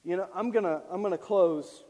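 A man preaching a sermon, emphatic, swinging between loud declarations and low asides. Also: fairly quick, big-room sound.

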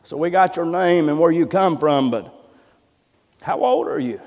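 A man's voice: a little high, expressive, normal speed, darkish tone. A man voicing astonished temple scholars, exclaiming incredulous questions in a sermon. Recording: long reverb of a church hall.

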